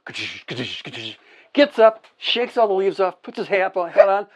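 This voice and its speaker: A man telling stories on a podcast in a casual chat. He acts out sound effects, shouts the lines of people he quotes, swears freely and often restarts his sentences. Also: high voice, normal speed. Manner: animated anecdote-teller with sound effects, shouted quotes and laughter; profane, full of restarts. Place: indoor podcast set.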